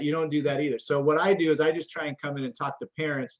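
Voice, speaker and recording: A man's voice: on the high side, fast talker. A middle-aged man, a coach and parent educator, answering interview questions in an earnest, conversational way and often restarting his sentences. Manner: earnest, repeats words when starting sentences.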